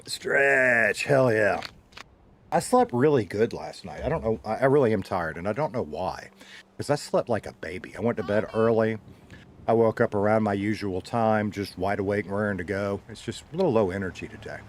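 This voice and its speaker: A man's voice: on the low side, normal speed, a little hiss or hum. A man chatting casually on a live stream, swearing freely and laughing often.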